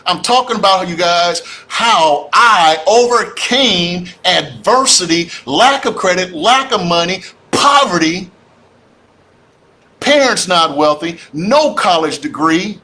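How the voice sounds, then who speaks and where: A man with a high-pitched voice takes it slowly as he gives a fired-up, preachy livestream talk about real estate. A real estate investor speaker, he's animated and calls out to his audience as y'all.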